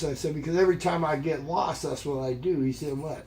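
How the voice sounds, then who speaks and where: An older man telling a rambling, humorous story in a casual way, jumping up in pitch to act out the voices he quotes. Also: brisk. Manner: animated, acts out quoted voices with jumps in pitch. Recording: loud background noise.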